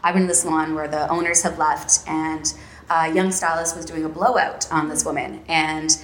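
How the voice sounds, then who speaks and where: A woman's voice: sits low, little pitch movement, slight background noise. A woman working in the salon trade, speaking firmly and matter-of-factly in casual podcast chat. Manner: firm, quick-talking, matter-of-fact. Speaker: guest, salon professional. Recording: roomy echo.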